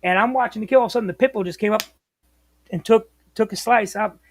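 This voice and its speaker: A man, a former bus operator telling stories as a podcast guest in a lively, slangy way. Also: sits high, fast talker. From New York, US. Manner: animated, slangy, acts out quotes. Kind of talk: casual storytelling.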